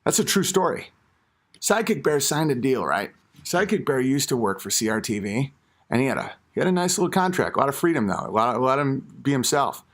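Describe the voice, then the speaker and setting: A man's voice: mid-range voice, very animated, fairly quick. A man hosting an online comedy rant, crude and mocking.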